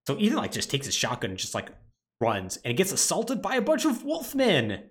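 A man hosting a casual podcast, his pitch bouncing freely as he walks through a plot. He keeps it informal, stacking filler words as he goes. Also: brisk. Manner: animated plot retelling with lots of "like" fillers. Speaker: podcast co-host.

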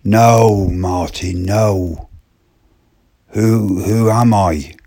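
Odd young lad, very slow, drawn-out and insistent, as a storyteller puts him on. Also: male voice, on the low side, steady tone, gravelly, warm tone, exaggerated voice.

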